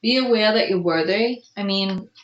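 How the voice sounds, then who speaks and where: A woman doing a casual tarot reading to camera, slow and musing, with soft gushing exclamations and an allergy-roughened throat. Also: medium pitch, echoey room, dull audio. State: clearing her throat from allergies. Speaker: tarot card reader.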